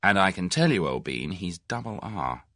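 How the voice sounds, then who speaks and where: A man's voice: deep voice, sing-song, normal speed, fairly bright tone, no room sound, clean studio sound. A man doing a cheerful young Englishman. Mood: steady.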